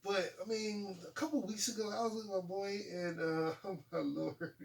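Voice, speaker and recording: Animated forty-something man, slightly distant mic. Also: sits high, moderate pace, gravelly, slight background noise. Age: 40s. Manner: animated, laughing storyteller acting out quotes. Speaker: talk show host. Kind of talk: casual chat.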